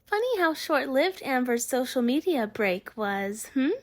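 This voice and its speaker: A woman with a high, very lively voice that swings up and down as she opens her commentary video. She talks in a chatty, friendly way, like a scripted intro, and the sound is close and dry with no room echo. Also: measured pace. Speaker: commentary channel host.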